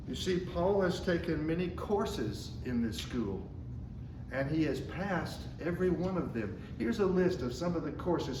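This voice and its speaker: A man preaching a sermon at a measured pace, slowing down when he quotes scripture. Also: mid-range voice, recorded from a distance, noisy background. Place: church sanctuary. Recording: echoey room, mic from afar.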